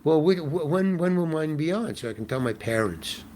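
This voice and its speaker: Older male actor, rambling and exasperated, pitch swinging widely, voice sitting a bit high. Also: normal speed, slight background noise. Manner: animated, rambling, frequent restarts, exasperated asides. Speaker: guest actor. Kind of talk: casual interview storytelling.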